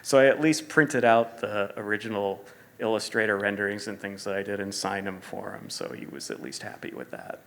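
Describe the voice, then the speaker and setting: A middle-aged man, a sneaker designer as guest, telling animated stories at a live store interview and acting out quotes. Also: fairly low pitch, fairly quick, vocal fry. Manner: animated storyteller, acts out quotes, laughs often. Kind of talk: live stage interview storytelling.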